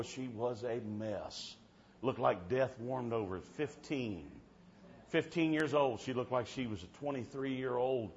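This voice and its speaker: A man preaching a revival sermon in church, telling stories and swinging from soft-spoken to shouting. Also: medium pitch. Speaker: traveling preacher. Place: church service. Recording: dull muffled sound with faint background hiss.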